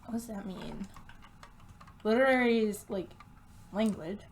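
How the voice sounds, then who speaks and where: A woman's voice: mid-range voice, slight background noise. A woman streaming a game, reading its text aloud and chatting casually, laughing often and tripping over unfamiliar names. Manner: giggly, reads slowly and stumbles on names.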